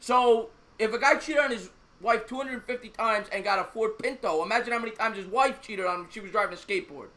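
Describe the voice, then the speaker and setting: Bright high-voiced man. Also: brisk, hardly any pauses. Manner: rambling, repeats himself, tells jokes. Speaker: co-host of a sports talk stream. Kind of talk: casual chat on a live stream.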